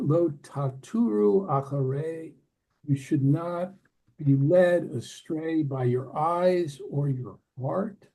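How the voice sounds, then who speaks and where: An older man teaches in an unhurried, conversational way, with asides and soft laughs. His voice is husky, mellow and somewhat high. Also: rough recording. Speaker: Torah teacher. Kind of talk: conversational Bible lesson.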